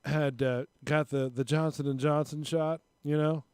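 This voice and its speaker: A man's voice: fairly high pitch, fairly even intonation, measured pace, a little mellow, smooth, no room sound, clean studio sound. A man hosting a casual live-stream talk show, rambling and retelling stories with little voices. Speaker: show host.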